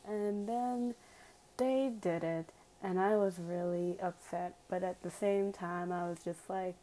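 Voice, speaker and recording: A woman's voice: fairly low pitch, steady tone, a little slow, mellow, low-quality recording. A woman telling a personal story to her viewers in a casual, emphatic way, full of "like" fillers and direct appeals.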